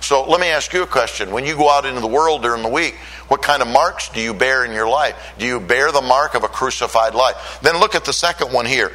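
A man's voice: medium pitch, normal speed, pushed and bright, low-quality recording. An older man from Michigan preaching a sermon and telling his own conversion story in an earnest, storytelling way. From Michigan, USA. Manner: earnest storytelling, voice rising when emotional. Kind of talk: sermon with personal testimony.

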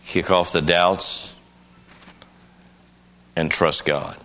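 A man's voice: sits low, fairly even intonation, extremely slow, sharp tone. An older man preaching at a conference, telling a folksy personal story and breaking into emphatic bursts. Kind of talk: conference sermon.

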